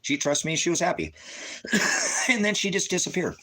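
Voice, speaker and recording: A man's voice: high-pitched, big pitch swings, moderate pace, sharp tone, a little hiss or hum. A man ranting angrily and profanely to viewers, retelling conversations in quotes. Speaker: ministry vlogger. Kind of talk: angry rant to viewers.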